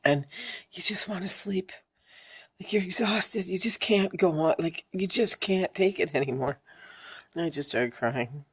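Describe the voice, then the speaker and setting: A woman's voice: lowish voice, moderate pace, husky. A woman vlogger talking candidly and emotionally, blunt and swearing freely, worn out and exhausted. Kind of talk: candid personal vlog.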